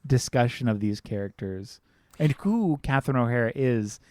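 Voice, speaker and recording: A man's voice: medium pitch, lively intonation, moderate pace, a little mellow, no room sound. A man co-hosting a podcast in casual film chat, earnest, repeating phrases as he thinks and acting out quotes. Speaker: podcast co-host.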